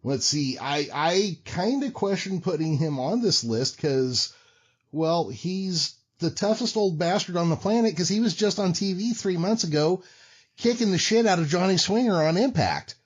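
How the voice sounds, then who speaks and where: A man's voice: high-pitched, animated, normal speed, breathy edge. A man co-hosting a wrestling podcast, joking and poking fun at himself. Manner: joking, self-mocking. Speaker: podcast co-host. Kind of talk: casual podcast chat.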